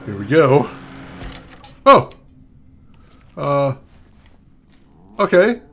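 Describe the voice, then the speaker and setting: A man's voice: fairly high pitch, sing-song, very slow, fairly bright tone. A man hosting a let's play, musing and chatting aloud while he plays. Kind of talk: casual gameplay commentary.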